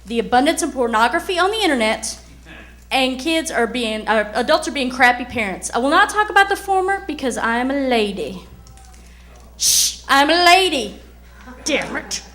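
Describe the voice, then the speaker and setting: A woman's voice: high-pitched, lively intonation, brisk, fairly bright tone. A woman comedian doing a stand-up set in a drawling, folksy way on a club stage.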